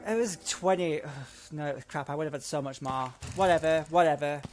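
A man hosting a let's play video, giving excitable commentary that swears often and talks to himself while he plays, wearing headphones at home. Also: a little high, moderate pace. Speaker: gaming channel host. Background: game music.

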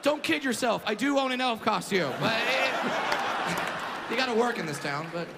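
A man doing stand-up comedy with a brash, profane delivery who shouts his punchlines. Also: very high-pitched, lively intonation, measured pace, gravelly, a crowd in the background, background noise.

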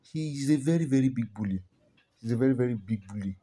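A man's voice: medium pitch, expressive, fast talker, mellow, husky. A man with a Nigerian accent hosting a celebrity gossip vlog, talking casually, repeating and stumbling over words and chuckling often. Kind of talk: chatty celebrity gossip commentary.

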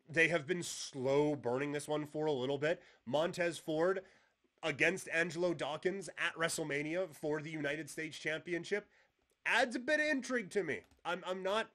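A man's voice: a little high, a bit bright. A man hosting a solo sports podcast, musing casually through predictions with frequent restarts and fillers. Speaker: podcast host. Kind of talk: solo wrestling preview podcast.

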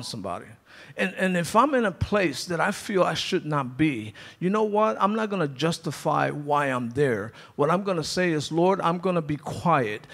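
A man's voice: a little high, gravelly, a bit bright. A man preaching a sermon as pastor, emphatic, calling out to his congregation. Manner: emphatic preaching, acting out quoted speech; calls to the congregation.

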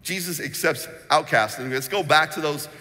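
A man preaching a sermon as pastor, telling stories with animated energy and acting out the voices in them. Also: a little high, moderate pace. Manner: animated storytelling, acts out quotes; sings snippets of a children's song. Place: church sanctuary. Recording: long reverb in a church hall.

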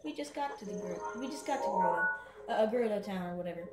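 Very fast and with lively intonation, a woman with a mid-range voice rambles through casual commentary on her gameplay, talking to the game as she goes. She runs a gaming channel from a home room; the recording is very noisy and echoey, with game music playing.

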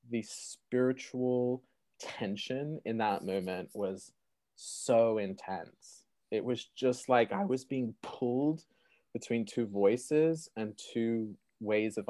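A young man telling his own faith story as an interview guest, animated and full of "like" fillers. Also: mid-range voice, no echo. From Sydney, Australia. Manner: animated, many "like" fillers, laughs often. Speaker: guest, Christian apologist. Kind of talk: personal testimony storytelling.

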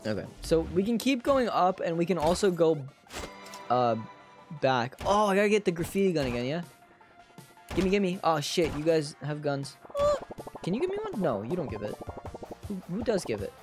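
Giggly female gaming streamer with a lively, animated voice who swears casually and reads game text aloud. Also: on the low side, moderate pace, pauses often, soft background music. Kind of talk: casual live-stream commentary.

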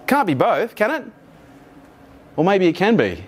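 Animated swearing man giving a keynote. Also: high voice, measured pace, husky. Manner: swearing, animated, acts out quoted voices. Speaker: motivational keynote speaker. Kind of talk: live keynote talk to an audience. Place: conference room with live audience.

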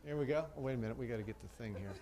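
A man's voice: mid-range voice, very fast, over a noisy crowd. A middle-aged man, a senior naval officer, joking casually with sailors as he hands out coins at a base event. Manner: jovial, joking. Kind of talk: casual banter while handing out coins. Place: large base venue with an audience. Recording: roomy echo from a large venue.

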